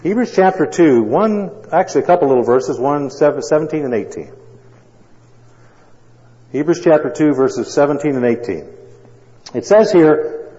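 A male pastor delivers a sermon, storytelling dramatically with long pauses. His voice is mellow and relaxed. The recording sounds dull and lo-fi, with a long hall reverb. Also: mid-range voice.

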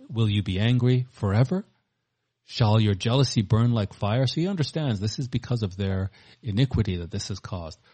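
A man's voice: on the low side, warm tone, slightly rough. A man preaching a sermon, reading scripture aloud with rising force between plainer commentary.

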